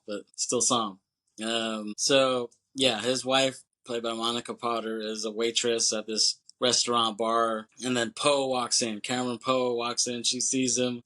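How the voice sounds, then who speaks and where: Podcast guy chatting loose about a movie, swears a lot, bright forward voice. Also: mid-range voice. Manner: rambling, swears casually, acts out movie lines in quick voices. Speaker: podcast co-host. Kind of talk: casual movie chat.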